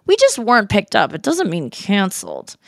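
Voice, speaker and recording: Thirties woman host, casual and animated, mid-pitched, dry studio sound. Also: moderate pace, creaky, dry recording. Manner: animated storytelling, quotes people in voices. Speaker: podcast host. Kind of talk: casual chat.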